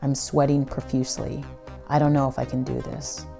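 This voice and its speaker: A woman's voice: a bass voice, level tone, moderate pace, creaky, mellow, soft background music. A woman telling a first-person story in a breathless, dramatic way, swearing now and then.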